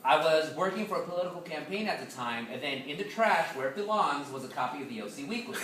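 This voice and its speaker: A man in his thirties from the United States, speaking as a guest to an audience in an animated storytelling way, laughing often. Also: on the high side, quick pace, few pauses, slight background noise. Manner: animated, laughs often, playful Spanish slang. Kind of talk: lively storytelling talk to an audience. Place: hall with an audience. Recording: echoey room, mic far off.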